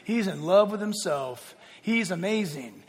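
A man preaching a sermon, emphatic, swinging from loud declarations to hushed, quiet passages. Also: sits high, expressive, measured pace, slightly rough. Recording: long hall reverb.

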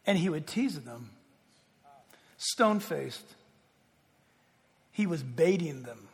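A man preaching a sermon, emphatic, swinging from loud declarations to hushed, quiet passages. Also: fairly high pitch, lively intonation, takes it slowly, slightly rough. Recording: long hall reverb.

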